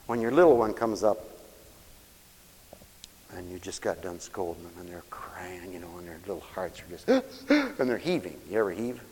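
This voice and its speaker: Male preacher, lively pitch, exclamatory sermon, long hall reverb. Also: moderate pace, slightly rough. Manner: emotional, exclamatory, swings between hushed and loud.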